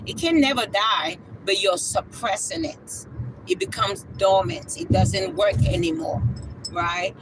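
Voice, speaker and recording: A livestream spiritual speaker preaching with passion, emphatic and repetitive, often tagging questions onto a point and now and then rising to a shout. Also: medium pitch, a little slow, over music, poor audio.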